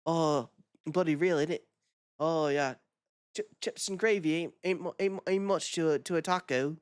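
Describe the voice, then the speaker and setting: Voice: mid-range voice, normal speed, clean tone, no echo, studio quality, natural voice. A streamer putting on a mock British accent to play a blunt, cheeky British man with a slangy drawl, over background music. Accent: put-on British.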